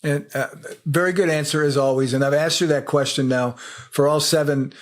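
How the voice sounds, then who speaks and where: A man's voice: a little high, fairly even intonation, a little fast. A man with an American Midwestern accent, co-hosting a podcast in a chatty, playful way and speaking to listeners. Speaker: podcast co-host. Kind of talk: conversational podcast interview.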